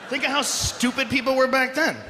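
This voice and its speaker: A man performing a loud, animated stand-up set, often shouting, on a live comedy stage. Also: very high voice, brisk. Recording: echoey live venue with audience noise.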